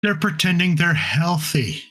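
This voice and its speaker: A man's voice: a little high, sing-song, measured pace, fairly bright tone, slightly rough. A man chatting on a podcast, grumbling and complaining with some swearing. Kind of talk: casual chat.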